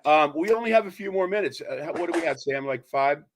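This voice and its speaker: A man's voice: on the high side, animated, fast, a crowd in the background. A middle-aged man hosting a talk radio show, rambling through casual banter and long jokes, laughing at his own stories. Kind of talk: casual banter and joke telling.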